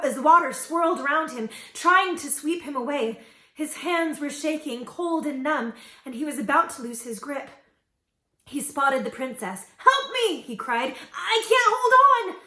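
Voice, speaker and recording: Woman reading a fairy tale aloud. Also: high-pitched. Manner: expressive, gentle storytelling. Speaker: storyteller. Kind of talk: children's story reading. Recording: echoey room.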